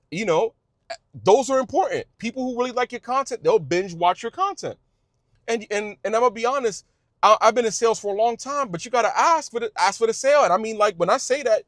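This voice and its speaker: A man's voice: very high voice, a bit bright, dry recording, clean studio sound. A man giving passionate advice to other video creators, emphatic and repetitive, with frequent restarts and a casual "y'all". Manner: informal speech, says y'all. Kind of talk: passionate direct-to-camera advice.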